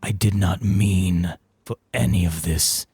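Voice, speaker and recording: A man voicing an intense but loving older male mentor figure, speaking low and earnestly. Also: slow pace, warm tone, slightly rough, no echo, exaggerated voice. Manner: earnest, passionate, warning.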